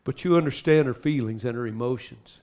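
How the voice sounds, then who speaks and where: A man preaching a sermon as pastor, dropping to soft asides and then climbing into loud, urgent exhortation. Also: medium pitch, brisk.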